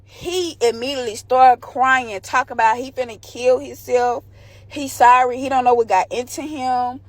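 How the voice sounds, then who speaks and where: Young woman, candid storytime vlogger, slangy, a touch high-pitched. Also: fairly even intonation, normal speed, no echo. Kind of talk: storytime vlog.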